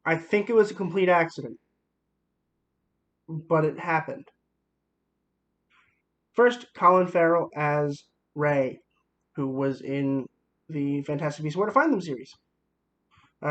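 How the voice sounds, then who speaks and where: A young man with a somewhat high voice talks through a movie review in a casual, rambling way, full of fillers and excitement. The recording sounds a bit dull and lo-fi. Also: moderate pace, pauses often.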